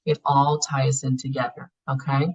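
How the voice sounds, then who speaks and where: A woman's voice: extremely low pitch, flat delivery, normal speed, slightly rough. A woman leading a healing class in a frank, conversational way, swearing casually and acting out people's inner thoughts. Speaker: spiritual healing class facilitator. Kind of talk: casual teaching talk. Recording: muffled lo-fi class recording.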